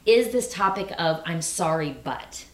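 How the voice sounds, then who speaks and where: A middle-aged woman co-hosting a casual talk, animated, acting out quoted phrases. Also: lowish voice, roomy sound. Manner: animated, quick asides, acts out quoted phrases. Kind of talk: casual conversation.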